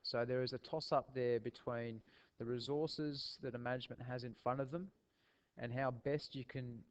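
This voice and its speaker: A man's voice: medium pitch, moderate pace. Man with a stuffy cold voice. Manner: relaxed, with frequent ums and restarts. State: nasal from a cold. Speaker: teacher. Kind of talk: recorded video lecture.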